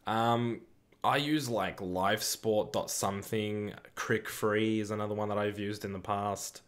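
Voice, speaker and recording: A young man from the UK hosting a football watch-along stream, chatting casually, reading chat aloud, swearing and getting excitable. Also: on the low side, unhurried.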